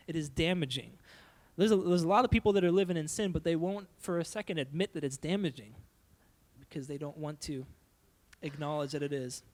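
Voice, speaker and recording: Young man, youth pastor, high voice, animated, playful sermon.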